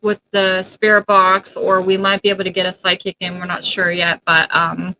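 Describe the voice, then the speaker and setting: A woman's voice: on the low side, monotone, moderate pace, bright, forceful tone, rough recording. A woman co-host of a paranormal team's channel, chiming in casually and agreeing with her partner. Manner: agreeable, chiming in with short backchannels. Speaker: paranormal team member and co-host. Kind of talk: casual chat.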